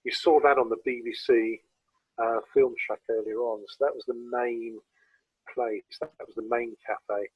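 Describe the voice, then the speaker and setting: A man with a southern English accent gives an easygoing photography talk, full of "um"s and restarts. His voice is a little husky and mid-pitched. The video-call audio is dry and somewhat muffled. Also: unhurried, no echo. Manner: relaxed, anecdotal, with frequent hesitations. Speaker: guest speaker presenting photography. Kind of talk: informal illustrated talk.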